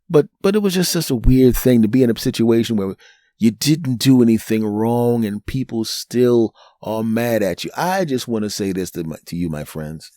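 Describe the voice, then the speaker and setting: A man with a Northeastern US accent hosts a solo podcast, telling a story with lots of animation and acting out the people he quotes. His voice sits at a medium pitch, and the sound is clean, studio-quality, with no echo.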